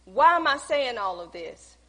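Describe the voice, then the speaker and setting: Woman pastor, sermon testimony, high voice, husky tone, long hall reverb. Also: sing-song, a little slow, bright, forceful tone. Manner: storytelling, reenacting conversations, preachy emphasis.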